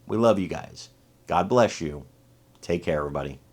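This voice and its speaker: A man's voice: low voice, expressive, moderate pace. A man hosting his channel, giving emphatic, indignant political commentary. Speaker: channel host.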